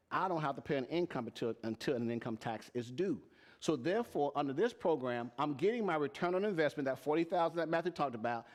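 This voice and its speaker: A man teaching tax and payroll to a live audience, plain-spoken and emphatic, often asking them questions. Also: mid-range voice. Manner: asks the audience repeated questions. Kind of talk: live-streamed teaching talk.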